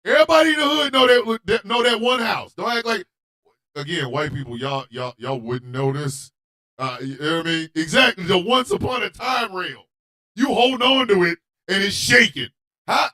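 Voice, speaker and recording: A man hosting a radio show, telling a comedic story in a loud, animated, profane way and often shouting. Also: sits high, normal speed.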